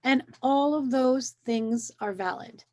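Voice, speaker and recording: A woman hosting a wellness conversation, coaching gently and encouragingly, often repeating phrases to make her point. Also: sits high, slow. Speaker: wellness talk host.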